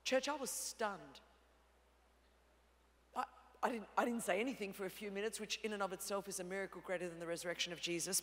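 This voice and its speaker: An Australian woman delivers a sermon in a bright, forceful voice. She tells stories with humor and swings between hushed tones and shouting. Her voice rings out through a large hall with a long reverb. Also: mid-range voice, brisk, long pauses. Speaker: preacher.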